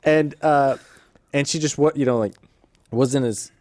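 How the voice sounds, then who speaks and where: A man's voice: medium pitch, steady tone, unhurried, darkish tone, dry recording, clean studio sound. A man hosting a podcast who tells a casual story in a rambling way. He keeps interrupting himself and laughs at his own story. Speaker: podcast host.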